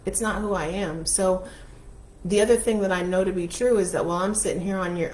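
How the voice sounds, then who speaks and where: A woman's voice: fairly low pitch, a little mellow. A woman coach telling a personal story in a frank, emphatic motivational talk. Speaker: life and money coach. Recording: roomy echo with faint noise.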